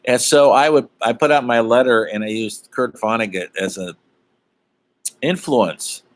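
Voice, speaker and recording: A man's voice: mid-range voice, measured pace. A middle-aged man teaching an online college humanities class in a loose, chatty way, with lots of fillers and side stories. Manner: rambling, chatty, many fillers and asides. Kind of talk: casual online lecture.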